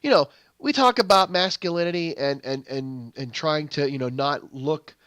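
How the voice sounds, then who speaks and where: A man's voice: a little high, normal speed, a bit bright, no room sound. A young adult man hosting a game channel, telling a long stage story in rambling casual commentary, full of fillers and restarts. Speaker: gaming channel host.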